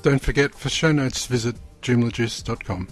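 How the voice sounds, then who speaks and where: An Australian man hosting a podcast, interviewing in a relaxed, friendly way with some hesitant fillers. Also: medium pitch, moderate pace, faint music behind. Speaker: podcast host. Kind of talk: casual interview.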